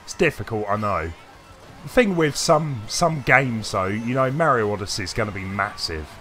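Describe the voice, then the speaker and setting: A man's voice: on the low side, animated, moderate pace, pushed and bright. A man talks through a live game stream, his voice rising and falling a lot as he rambles and stops to answer chat. His talk is loose and full of hesitations, with faint game music playing underneath. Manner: chatty and rambling, with frequent hesitations. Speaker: gaming streamer. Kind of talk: casual live-stream commentary reading chat.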